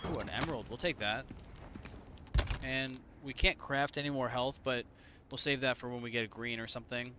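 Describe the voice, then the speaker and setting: A man's voice: medium pitch, normal speed, noisy background. A man from Indiana giving casual, profane, rambling let's-play commentary to his viewers. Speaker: gaming streamer.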